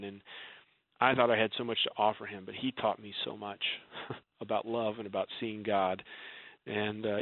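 A man guest telling an emotional personal story in an earnest way, his voice dropping soft when he quotes others. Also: lowish voice, no room sound. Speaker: guest author. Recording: dry, phone-like narrow sound.

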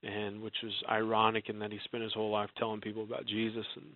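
A man guest telling an emotional personal story in an earnest way, his voice dropping soft when he quotes others. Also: fairly low pitch, completely flat delivery, fast talker, dry recording. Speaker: guest author. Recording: dry, phone-like narrow sound.

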